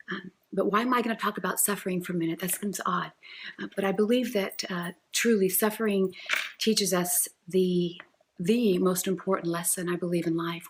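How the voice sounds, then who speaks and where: A woman giving a gentle, reflective spiritual talk, pausing often with fillers. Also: fairly low pitch, creaky. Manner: gentle, many pauses and fillers. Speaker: faith and motherhood speaker.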